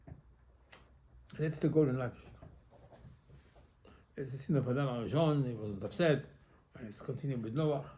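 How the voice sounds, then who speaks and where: A man, a rabbi, giving an animated Torah lesson in halting English with many repetitions. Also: mid-range voice. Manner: animated, repetitive, non-native English phrasing.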